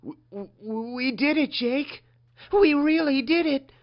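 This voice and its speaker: A man voicing an excitable young boy hero in a squeaky, stammering voice. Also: slow pace, heavily acted. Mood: feeble. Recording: muffled lo-fi recording.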